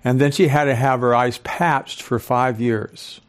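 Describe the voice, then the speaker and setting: An older man lecturing to a live audience in a club hall. His delivery is animated, and he keeps pausing to throw questions at the crowd. His voice sits at an ordinary middle pitch. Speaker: speaker and professor.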